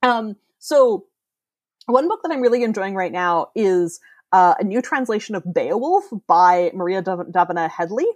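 A woman's voice: mid-range voice, animated, moderate pace, darkish tone, dry recording. A woman in her thirties, a podcast guest, explaining ideas eagerly in casual chat and laughing often.

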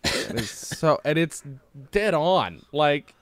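Animated man hosting a casual podcast. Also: slow pace, smooth, no echo. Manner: animated, laughing often, swearing freely, big pitch swings. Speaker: podcast host. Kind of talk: casual chat.

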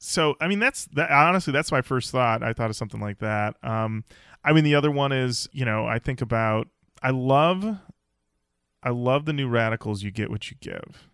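A man's voice: mid-range voice, lively intonation, moderate pace, fairly bright tone, smooth, no echo, clean studio sound. A man co-hosting a podcast in casual chat, rambling with fillers and restarts. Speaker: podcast co-host.

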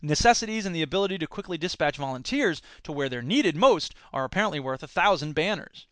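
A man who teaches, hosting a casual commentary podcast in a chatty, animated way with frequent restarts. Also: on the high side, quick pace, dry recording.

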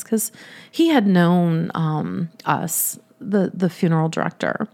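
A woman telling a funny personal story in a lively way, often breaking into laughter as she talks. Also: on the low side, takes it slowly, gravelly.

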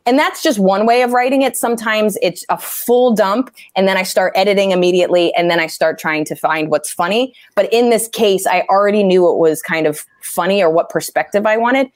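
A woman comedian talking casually about writing jokes, animated and swearing freely as she acts out angry quotes. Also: mid-range voice, a little fast, few pauses, dry recording, studio quality. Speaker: stand-up comedian. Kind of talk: casual interview talk.

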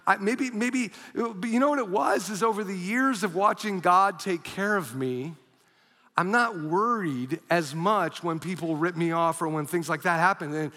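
A male pastor delivers a sermon in a high, bright, forceful voice, telling stories with lively energy and sudden shouts. His voice rings out in a large hall with a long reverb trailing behind it. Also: normal speed. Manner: animated storyteller, bursts into shouts. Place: church auditorium.

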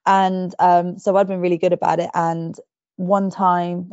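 A woman's voice: lowish voice, flat delivery, unhurried, a little mellow, dry recording. A woman co-hosting a podcast, chatting casually and self-deprecatingly, laughing often. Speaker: podcast co-host. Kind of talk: casual chat. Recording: dull dry podcast recording.

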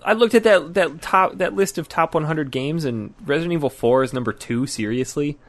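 A man's voice: a little high, a little fast, no echo. A man co-hosting a gaming podcast in loose, joking casual chat, often trailing off mid-sentence. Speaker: podcast co-host.

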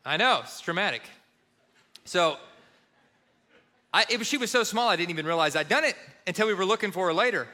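Middle-aged pastor guy telling a funny story in his sermon, bright high voice, acts out the dialogue. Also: animated, a little fast, long pauses. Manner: storytelling, self-deprecating, acts out phone calls.

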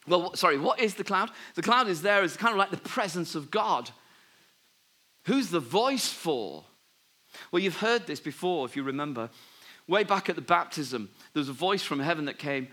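A man preaching a sermon, telling a Bible story with lively asides and dropping softly when he gives God's words. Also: fairly high pitch, moderate pace, husky. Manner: animated storytelling, drops to soft voice for God's words. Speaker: pastor.

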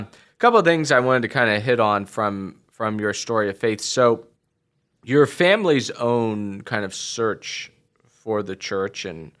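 Male priest host, low voice, measured interviewer. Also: fairly bright tone.

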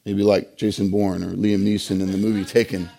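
A male pastor delivering a sermon, emphatic, with rhetorical questions and pauses. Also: fairly low pitch, flat delivery, creaky, warm tone.

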